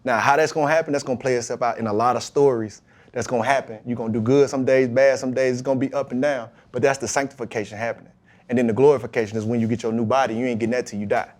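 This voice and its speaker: A man, a pro football player, talking as a podcast guest, telling his story about faith and football in a lively, emphatic way. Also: medium pitch, racing. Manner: emphatic, animated retelling with acted-out quotes.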